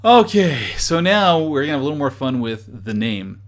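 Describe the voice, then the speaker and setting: Man, mid-pitch, reviewer voice, chuckly and sarcastic in a casual commentary. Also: big pitch swings, normal speed. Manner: amused, chuckling between remarks; wry, sarcastic asides. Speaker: dating site reviewer.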